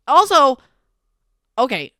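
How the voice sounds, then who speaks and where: A woman's voice: sits high, sing-song, slow pace, pushed and bright, no room sound, clean studio sound. A woman hosting a casual book recap podcast, talking in a chatty, emphatic way and filling her speech with "like". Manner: chatty and emphatic, heavy use of "like". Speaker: podcast host.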